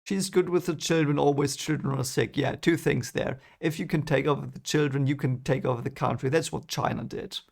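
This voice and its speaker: A man's voice: medium pitch, fairly even intonation, brisk, vocal fry, hardly any pauses, a little mellow. Emotional man reacting to a book. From Germany. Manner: emotional, reactive, swears and apologizes. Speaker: channel host reading a book aloud. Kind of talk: first-time reading reaction.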